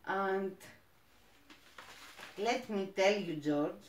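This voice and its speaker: A woman from Greece with a Greek accent, chatting as she unboxes plants, gushing and halting with fillers. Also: medium pitch, roomy sound. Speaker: plant vlogger. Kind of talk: casual unboxing chat.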